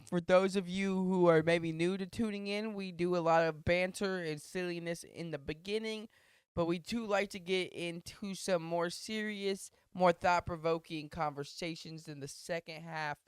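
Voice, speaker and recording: A man co-hosts a podcast in loose, goofy banter, high in pitch with a smooth, clean tone. He swears freely and drifts into silly impressions as he jokes around. The sound is dry and close, with no room around it. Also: steady tone, normal speed, no echo. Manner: goofy, swears freely, slips into mock voices. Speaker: podcast co-host. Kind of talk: casual comedic banter.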